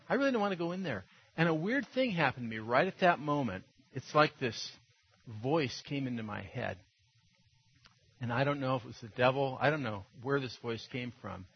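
Husky-voiced pastor telling stories. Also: male voice, mid-range voice, animated, normal speed. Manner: conversational, anecdotal, laughs often. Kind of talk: storytelling sermon. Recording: dull lo-fi sound.

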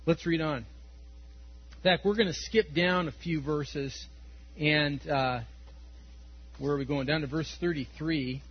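A man preaching a Sunday sermon, reading scripture and speaking with animated emphasis, often chuckling, then dropping to quiet, earnest tones. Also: fairly high pitch, slow, pauses often, slightly rough, muffled recording. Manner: animated, laughs often, swings between loud emphasis and quiet intensity. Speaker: pastor.

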